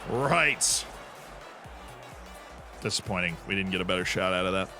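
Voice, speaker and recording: A man streams a football management game, chatting casually, reacting to the match and answering his chat in live gameplay commentary. His voice is low-pitched with lively intonation at a moderate pace, with music and a crowd in the background.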